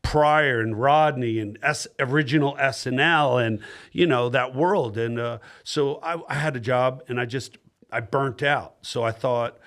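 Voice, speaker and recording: A man's voice: mid-range voice, measured pace. A middle-aged man from New Jersey, a stand-up comedian chatting casually and acting out stories with lots of laughter. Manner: animated storyteller, acts out voices and laughs a lot. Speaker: stand-up comedian, podcast guest. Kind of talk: casual chat.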